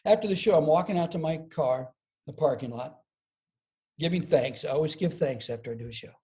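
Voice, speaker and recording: An older man, a comedian and speaker, telling a personal story as a podcast guest, lively and self-deprecating, acting out the quotes. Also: a little high, fairly quick. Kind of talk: storytelling an anecdote.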